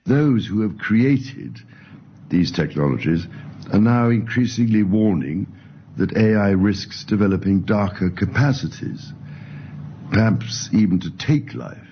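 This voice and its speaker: An older man speaks in a slow, formal, deliberate way. His voice is very deep. The clip sounds dull, with a faint room hum behind it. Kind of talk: formal speech.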